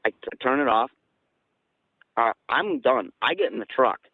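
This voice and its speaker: A man from southeastern Massachusetts, a guest on an interview show, telling a story in a casual, excited way that turns louder and higher when he quotes people. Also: a little slow, breathy edge, dry recording, low-quality recording. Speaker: guest recounting an encounter.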